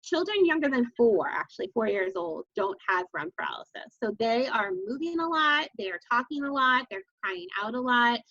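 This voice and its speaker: A woman speaks as an interview guest, calm and teacherly, with a brightness to her voice that sits a little above the usual pitch. She laughs easily between points. The sound is dry and a bit dull, like a video call. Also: moderate pace, few pauses, no echo. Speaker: guest sleep consultant. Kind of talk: explanatory interview talk.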